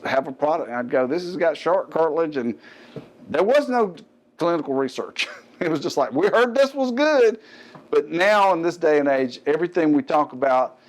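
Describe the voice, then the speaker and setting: A middle-aged man with a Southern American accent, hosting a fitness show and chatting casually about a product with joking asides. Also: fairly high pitch. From Gulf Coast of the US. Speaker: host.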